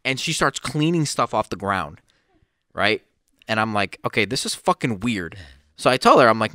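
A young man on a podcast, telling stories in a casual chat, laughing often and breaking into sudden loud bursts. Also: lowish voice, sing-song, moderate pace, no room sound, clean studio sound. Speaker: podcast co-host.

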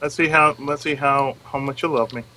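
A man hosting a casual game session with friends, excitable and laughing, often repeating himself. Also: fairly high pitch, fairly quick, a crowd in the background, rough recording. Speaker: host and player.

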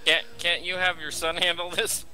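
A man's voice: a little high, little pitch movement, moderate pace, bright, forceful tone, rough recording. A man chatting casually on a stream, teasing and amused. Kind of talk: casual chat.

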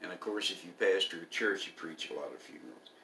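Older male preacher, folksy sermon voice, bright tone, set back from the mic in a roomy space. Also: sits low, fast talker, recorded from a distance, slight background noise. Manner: folksy, homespun humor.

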